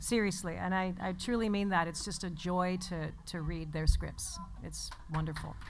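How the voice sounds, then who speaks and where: A woman's voice: fairly low pitch, fairly even intonation, moderate pace, noisy background. A woman voice actor speaking sincerely at a convention panel. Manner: warm-hearted, sincere.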